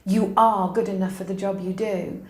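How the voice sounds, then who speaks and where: A middle-aged woman who teaches at a university answers interview questions at normal speed, her medium-pitched voice fairly even in intonation. She is emphatic and encouraging and tells anecdotes. The room sounds echoey.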